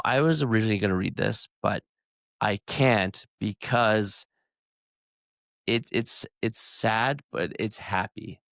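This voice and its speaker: A man's voice: on the low side, vocal fry, a bit bright, no echo, studio quality. A man co-hosting a podcast in laid-back casual chat, retelling clips. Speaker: podcast co-host.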